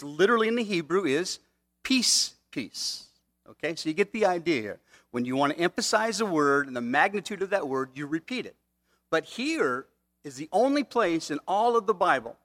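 A man's voice: fairly high pitch, a bit bright. A man preaching a sermon in a conversational way, often checking in with "okay?" asides. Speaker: pastor.

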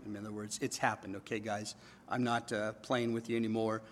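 A male pastor preaching a sermon in church before a congregation. He keeps checking in with his listeners and swings between loud, emphatic bursts and quiet, low asides. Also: little pitch movement, brisk, slight background noise.

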